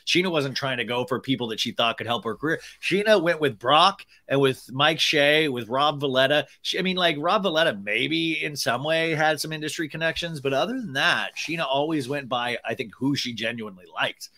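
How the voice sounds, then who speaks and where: A man's voice: fairly high pitch, fairly quick, hardly any pauses, pushed and bright. A man chatting casually as a podcast guest, telling gossipy stories with lots of fillers and restarts. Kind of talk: casual chat.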